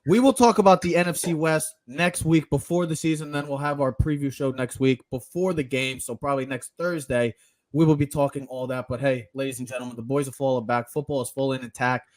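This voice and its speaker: A man hosting a sports podcast, teasing his co-hosts and announcing the rundown with energetic hype. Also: medium pitch, a little fast, no room sound. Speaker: podcast host. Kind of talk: casual chat and show rundown.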